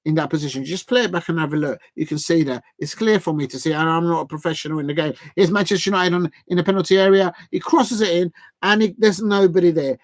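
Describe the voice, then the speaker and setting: A man giving excitable, chatty fan commentary on a live match, with many fillers and restarts. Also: fairly high pitch, no echo. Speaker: fan watch-along commentator.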